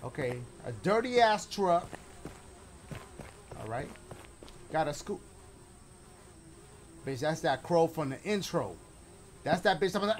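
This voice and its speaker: A man's voice: on the high side, lively intonation, takes it slowly, long pauses, a little hiss or hum. A man doing let's play commentary on a game, slangy and joking, talking to the viewers. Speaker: gaming YouTuber.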